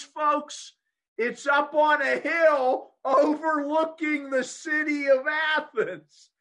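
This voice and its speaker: A man preaching a sermon, emphatic and full of rhetorical questions, repeating phrases for emphasis and swinging between shouted points and low asides.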